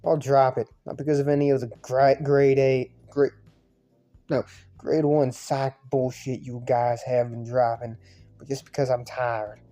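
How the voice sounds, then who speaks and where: A man's voice: medium pitch, level tone, measured pace, mellow, lightly acted. A man voicing a brash, crude young man who picks fights, in a put-on Irish accent, over faint music. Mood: grudging. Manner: crude, mocking, swaggering. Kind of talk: fan visual novel voice acting.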